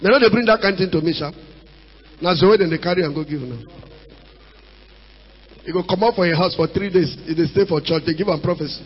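Nigerian male pastor, very high voice, animated and shouting, dull recording. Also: fast talker, long pauses, breathy edge. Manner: animated preaching with shouts, mimicry and Pidgin asides. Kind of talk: sermon. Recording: dull sound in a reverberant hall.

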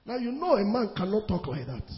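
High-voiced Nigerian pastor preaching in a hall. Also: male voice, sing-song, fairly quick, noisy background. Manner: emphatic preaching, repeats phrases, swings between loud and hushed. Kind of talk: sermon. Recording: long hall reverb, dull lo-fi sound.

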